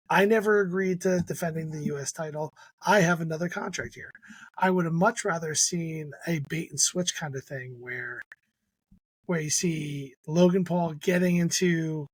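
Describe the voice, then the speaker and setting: Husky-voiced man, fired-up podcast co-host. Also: fairly high pitch, no room sound. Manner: emphatic, critical rants with frequent restarts. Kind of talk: casual podcast chat.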